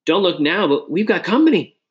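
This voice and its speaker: A man's voice: sits high, sing-song, brisk, pitched above the performer's own voice. A man reading aloud and voicing a nervous young sidekick who groans and panics. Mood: panicky.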